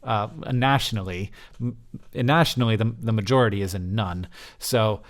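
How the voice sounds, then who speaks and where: A man's voice: fairly low pitch, moderate pace. A man in his thirties talking casually as host through survey results, rambling with many fillers and restarts.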